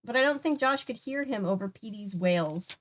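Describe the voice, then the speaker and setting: A woman's voice: on the high side, expressive, moderate pace. A woman reading a children's horror book aloud, adding casual chatty asides. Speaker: book reader.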